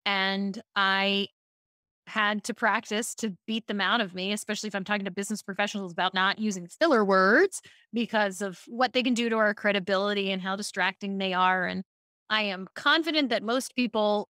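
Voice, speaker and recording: A woman's voice: medium pitch, normal speed, no room sound, clean studio sound. A woman from Baltimore, a speaking coach, telling stories in a casual podcast interview and acting out quotes. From Baltimore, USA. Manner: animated storytelling, acts out quotes.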